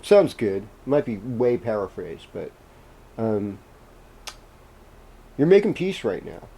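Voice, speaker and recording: A man reading horoscopes as the host, in a casual, meandering way with gentle pauses and fillers. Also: lowish voice, sing-song, vocal fry, slightly rough. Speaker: astrologer host.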